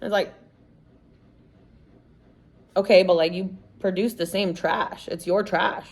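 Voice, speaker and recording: A woman's voice: lowish voice, fairly even intonation, moderate pace, long pauses. A woman hosting a podcast, talking in a casual monologue that is blunt and emphatic, with lots of swearing and "like" and "you know". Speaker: podcast host.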